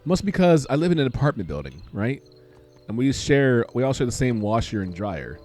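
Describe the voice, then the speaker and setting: A man's voice: mid-range voice, sing-song, a little fast, a little mellow, faint music behind. A young man casually commenting while playing a game, rambling and joking through a long story. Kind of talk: casual let's-play commentary.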